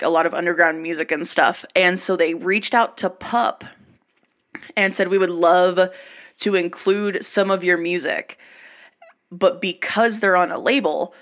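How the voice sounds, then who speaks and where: A woman hosting a podcast, explaining things in a relaxed, rambling, casual way. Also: lowish voice. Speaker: podcast host. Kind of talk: casual chat.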